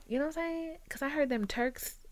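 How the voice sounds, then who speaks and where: A young woman vlogger chats casually into her camera's built-in mic, rambling and calling her viewers "girl." Her voice is high-pitched and a little fast.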